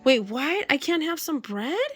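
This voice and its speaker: A woman voicing lazy, selfish barnyard animals from a storybook in a high, whiny voice. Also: big pitch swings, measured pace, soft background music.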